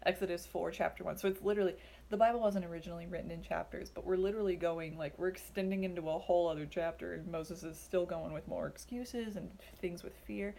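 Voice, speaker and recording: A woman's voice: fairly low pitch, fairly even intonation, fast, creaky, warm tone. A young woman giving a casual Bible study talk, chatty and full of fillers, acting out the lines she quotes. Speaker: Bible teacher.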